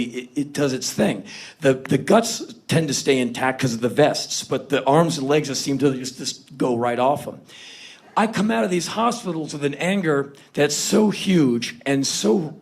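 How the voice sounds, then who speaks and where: A man in his fifties doing a comic spoken word monologue on stage, animated and given to sudden loud outbursts. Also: medium pitch, gravelly. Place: stage before an audience.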